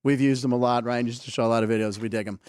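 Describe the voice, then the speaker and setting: A man's voice: medium pitch, fairly even intonation, racing, a little mellow, smooth, no room sound. A man hosting a sports comedy show, riffing casually and laughing often as he talks through clips. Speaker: host.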